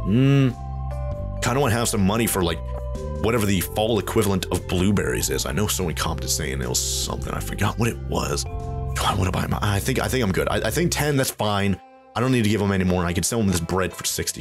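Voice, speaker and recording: A man with a fairly low voice and a very animated, swooping delivery narrates his gameplay in a loose, rambling way. He thinks aloud and talks straight to his viewers as he plays. Game music runs under his voice the whole time. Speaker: let's play host. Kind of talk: casual gameplay commentary.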